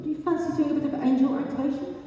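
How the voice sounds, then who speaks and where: A woman giving a live talk, chatty and lively, asking the audience questions as she goes. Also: sits high, racing. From England. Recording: echoey hall, mic far off.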